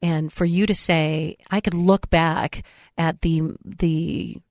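Measured woman interviewer, low voice. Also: fairly even intonation, gravelly, darkish tone, dry recording, studio quality. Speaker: interviewer host. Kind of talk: conversational interview.

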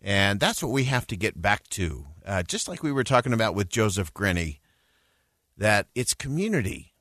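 A man's voice: lowish voice, very animated, moderate pace, a bit bright, no room sound. A male radio host giving an earnest, reflective closing commentary and telling a story in a studio.

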